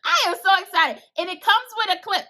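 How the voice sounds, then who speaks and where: A woman chatting casually to her viewers while unboxing crochet hooks, gushing and excitable, speaking straight to the audience in loose everyday slang. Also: very high voice, brisk. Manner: casual Southern-style slang like "y'all" and "I'ma".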